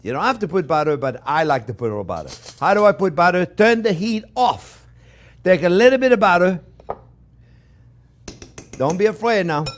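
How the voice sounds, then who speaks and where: A French-accented man cooks and talks in a kitchen, chatting to his viewers as friends. His pitch swings up and down all the time. He repeats his points in a loose, talkative way. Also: sing-song, normal speed, long pauses. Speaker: chef. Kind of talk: cooking demonstration.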